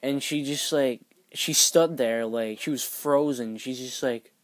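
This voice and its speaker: A man's voice: medium pitch, a little slow, dry recording. A teenage boy vlogger telling a school story in a casual, rambling way, full of "like" fillers. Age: teens.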